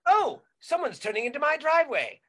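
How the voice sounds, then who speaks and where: A cheerful, courteous English homeowner, as a man puts him on for a bit. The voice sits high and bright, with fussy, sing-song politeness and an English accent. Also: big pitch swings, a little fast, exaggerated voice. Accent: English, put on. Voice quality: chirpy and courteous, higher pitched.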